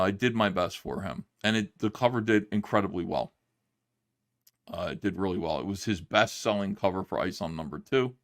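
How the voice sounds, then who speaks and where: A middle-aged man, a comic book creator, telling a long story in a casual livestream monologue and acting out the quotes. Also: low-pitched. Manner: rambling, animated retelling with acted-out quotes.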